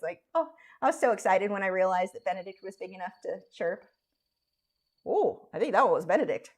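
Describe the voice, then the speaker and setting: A woman artist chatting casually on a live stream while she draws, rambling and self-deprecating. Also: medium pitch.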